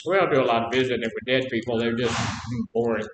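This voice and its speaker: A man from Mississippi with a Southern accent, teaching a group class in a folksy, drawling way and quizzing his students. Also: fast talker. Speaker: class instructor. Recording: roomy echo, faint rumble.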